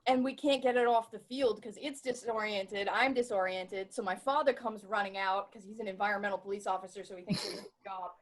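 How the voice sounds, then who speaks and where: A woman with a Rhode Island accent, co-hosting a podcast and telling stories in a lively, wry way. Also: medium pitch, brisk, few pauses. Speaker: podcast co-host. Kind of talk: casual chat.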